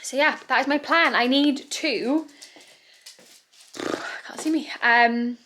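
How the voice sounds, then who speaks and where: A woman's voice: sits high, slow, bright, forceful tone, a little hiss or hum. A young woman from England chatting casually in her vlog, rambling and talking to her dogs now and then. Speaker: vlogger.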